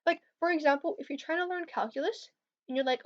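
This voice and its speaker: Young woman, high voice, casual livestream coding Q&A, hesitant and filler-heavy, slightly dull lo-fi audio. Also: fast talker. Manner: hesitant, filler-heavy, answers chat questions. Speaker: competitive programming streamer.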